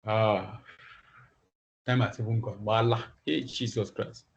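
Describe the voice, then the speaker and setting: Guy teaching coding over a video call, halting, repeats himself, kinda dull lo-fi sound. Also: lowish voice, fairly even intonation. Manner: halting, repeats words, thinks aloud. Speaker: instructor. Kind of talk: online coding class.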